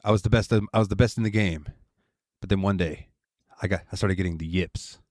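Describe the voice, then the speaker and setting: A man voicing a washed-up grown cartoon man, telling his story in a quiet, confessional way. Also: low voice, a little fast, no room sound, studio quality, close to an everyday voice.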